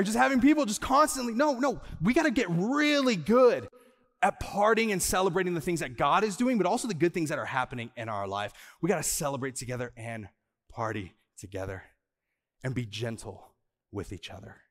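A male pastor preaching a sermon to a church. He moves from soft, slow lines to loud, high bursts for emphasis and laughs lightly with the room. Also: big pitch swings, long reverb tail. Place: church auditorium.

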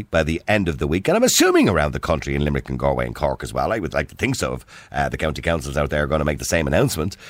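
A man's voice: on the low side, no room sound. A middle-aged man with a Dublin accent hosting a call-in radio show, chatty and opinionated, laughing easily. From Dublin, Ireland. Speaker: radio talk show host. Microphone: studio microphone.

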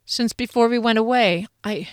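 A woman's voice: fairly high pitch, moderate pace, dry recording, clean studio sound, pitched above the performer's own voice, close to an everyday voice. A woman voicing a defensive, sarcastic young warrior woman in an audiobook reading, with guarded, biting delivery. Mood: confessional.

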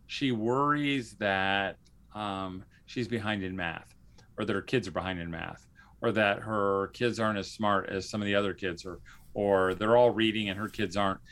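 A man's voice: fairly low pitch, measured pace, fairly bright tone. A man hosting a podcast in a casual, rambling way, with lots of fillers and restarts. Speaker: podcast host.

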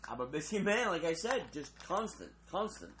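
A man's voice: fairly high pitch, sing-song, moderate pace, a bit bright, a little hiss or hum. A man hosting a podcast, joking and teasing his guests and laughing often. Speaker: podcast host. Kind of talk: casual chat.

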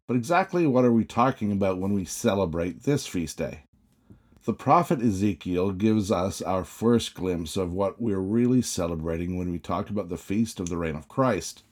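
Male pastor, lowish voice, sermon delivery with a storytelling turn. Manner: reads scripture slowly, then tells a story in a lively way.

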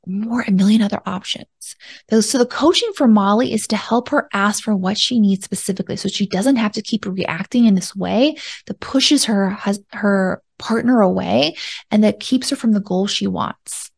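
A woman relationship coach talking alone on her podcast, animated and chatty, acting out little quoted lines as she goes. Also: on the high side, moderate pace, vocal fry. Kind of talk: solo podcast commentary.

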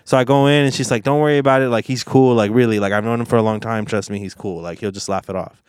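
A man's voice: mid-range voice, steady tone, fast talker, a little mellow, clear, resonant tone, no echo, studio quality. A young man hosting a casual podcast, retelling a story in a rambling way with lots of fillers and swearing. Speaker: podcast host.

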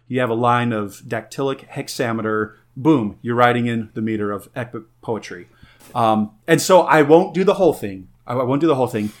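A man co-hosting a podcast, casually and playfully explaining things with enthusiasm. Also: medium pitch. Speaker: podcast co-host.

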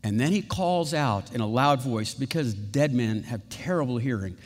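A man's voice: mid-range voice, lively intonation. Man preaching in a reverberant hall. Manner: dynamic preaching, swinging from emphatic peaks to hushed, slow passages; conversational asides with rhetorical questions. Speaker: pastor. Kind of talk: sermon. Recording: long reverb of a large hall.

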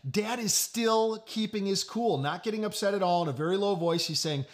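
A middle-aged man preaching a sermon. He tells a story in a conversational way and often drops to a low, quiet voice. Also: normal speed, hardly any pauses. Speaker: pastor.

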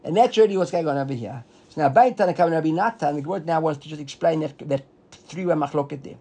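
Talmud teacher, male, high husky voice, brisk explainer who checks in with his class. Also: warm tone. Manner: explains quickly, reads the text aloud and translates it, asks students if they follow.

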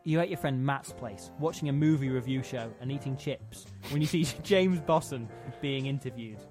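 A man's voice: mid-range voice, moderate pace, a little mellow, soft background music. A man co-hosting a comedy podcast, narrating a fan story with mock drama. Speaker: podcast co-host.

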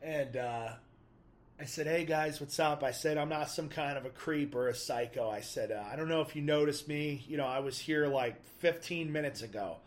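A man casually telling a personal testimony story, acting out his own inner dialogue with casual slang and pausing when moved. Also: a little high.

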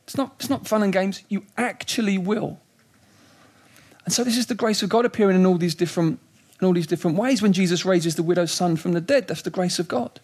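A middle-aged man preaching a sermon, emphatic and animated, moving between quiet reflection and raised urgency. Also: high-pitched, moderate pace.

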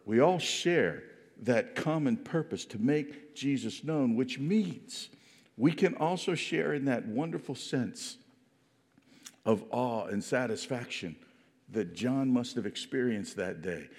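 A man's voice: medium pitch, expressive, takes it slowly, a little mellow. A man preaching a sermon in an earnest, reflective way, often restarting and repeating words. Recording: long hall reverb.

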